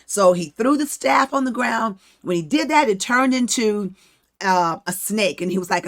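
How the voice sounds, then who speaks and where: A woman's voice: medium pitch, animated, normal speed, fairly bright tone. A woman hosting a podcast, teaching from the Bible in a casual, conversational way and acting out the story. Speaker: podcast host.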